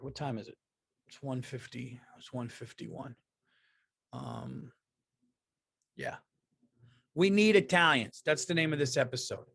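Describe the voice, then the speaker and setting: A man's voice: mid-range voice, fairly bright tone, no room sound, studio quality. A man in his thirties, a comedian hosting a casual solo podcast, rambling and profane, stuffy from allergies. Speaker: podcast host and stand-up comedian.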